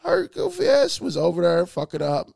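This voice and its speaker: A man co-hosting a podcast in casual chat, cursing a lot, animated, often repeating words as he restarts. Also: high-pitched, moderate pace, vocal fry, dry recording, studio quality. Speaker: podcast co-host.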